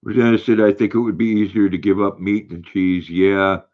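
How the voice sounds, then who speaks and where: An older man hosts a casual livestream, rambling from one thought to the next. His voice sits low and a little dull, as if through a lo-fi mic. He halts and restarts often while reading comments aloud. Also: level tone. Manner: rambling, halting, reads viewer comments aloud. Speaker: livestream host reading chat.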